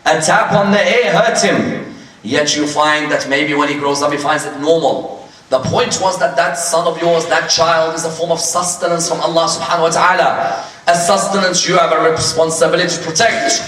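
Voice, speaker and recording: A man's voice: on the high side, fairly even intonation, normal speed, fairly bright tone, far from the mic, slight background noise. A man giving a religious lecture, telling stories and acting out the dialogue. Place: lecture hall. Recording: echoey hall recorded from afar.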